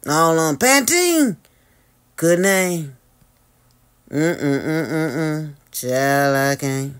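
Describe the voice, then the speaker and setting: Slow, drawling sassy gossip host. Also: animated, a bit bright, smooth. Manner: drawling, teasing, with sudden high squeals and hums.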